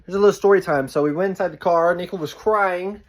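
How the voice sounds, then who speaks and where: A man's voice: sits high, fast. A man in his twenties, a father, telling a story to the camera in a loose, conversational way, with plenty of fillers and some swearing. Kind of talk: casual storytelling vlog.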